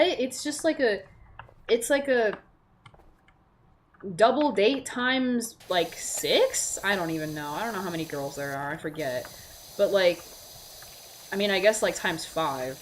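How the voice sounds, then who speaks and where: Sitting at her desk playing a game, a young female vlogger delivers an animated, casual rant laced with heavy swearing and constant "like" fillers. Her voice is medium-pitched, with a little hiss or hum on the recording.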